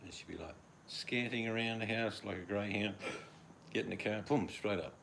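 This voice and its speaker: A man's voice: fairly low pitch, normal speed, gravelly, fairly bright tone, a little hiss or hum. An older man with an Australian accent chatting casually at home, rambling and acting out his dogs in quoted voices. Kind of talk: casual chat.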